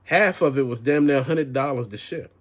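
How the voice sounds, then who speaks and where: A man's voice: medium pitch, brisk. A man hosting his own collecting channel, telling profane stories in a casual, slangy rant. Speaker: channel host.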